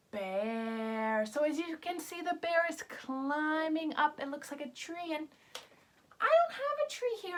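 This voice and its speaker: A young woman teaching yoga to small children, her voice high-pitched and her pace slow and drawn out. She sounds upbeat and sing-song as she coaxes the kids through each pose.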